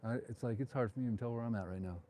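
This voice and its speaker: Mellow-voiced man on a walking tour. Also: medium pitch, rapid-fire, slight background noise. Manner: chatty, joking and opinionated. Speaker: realtor. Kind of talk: live walking tour vlog. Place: outdoors on town streets at dusk.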